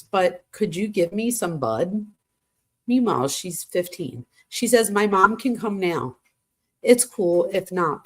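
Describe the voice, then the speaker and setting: A woman's voice: on the low side, slightly rough. A woman hosting a true crime channel, reading text messages aloud and breaking off with shocked asides.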